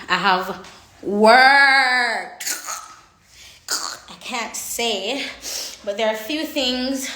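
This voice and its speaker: A sassy Jamaican woman chats on a livestream, talking to viewers like old friends. Her voice sits fairly high and rings bright. The phone audio picks up a lot of room echo. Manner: sassy, chatty, calls viewers honey and baby. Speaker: makeup artist and livestream host. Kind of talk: casual livestream chat. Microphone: phone on a makeshift tripod.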